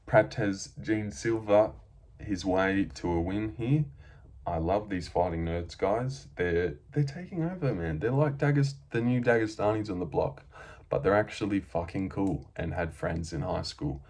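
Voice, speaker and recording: A man's voice: low-pitched, unhurried, a little mellow. A young Australian man recapping fight results in a brash, sweary, self-mocking way, as the regular of his own show. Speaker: MMA prediction vlogger. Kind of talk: casual solo recap.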